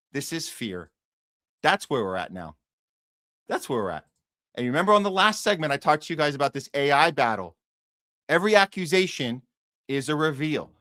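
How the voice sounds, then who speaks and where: A man's voice: fairly high pitch, sharp tone, dry recording, studio quality. A man hosting a podcast, giving heated, profane and sarcastic political commentary that often repeats itself. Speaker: podcast host.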